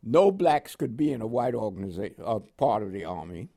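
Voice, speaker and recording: An older Panamanian man with a low, dark voice, moderate pace, wide pitch swings and some vocal fry recounts his life in an oral history interview. He chuckles often, and his New York accent bears West Indian inflections.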